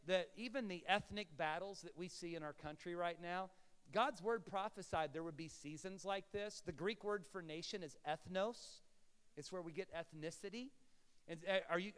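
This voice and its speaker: A man preaching in a church sanctuary, his voice high and resonant with a long reverb trailing behind it. He swings from near-shouts down to quiet murmurs and slips in playful asides to the congregation. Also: clear, resonant tone. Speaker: pastor. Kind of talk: sermon.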